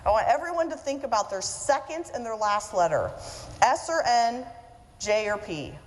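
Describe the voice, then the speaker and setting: A woman's voice: on the high side, animated, moderate pace. A woman giving a humorous conference talk to an audience, chatty and self-mocking. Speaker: keynote speaker and author. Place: event hall with audience. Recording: reverberant hall, faint room noise.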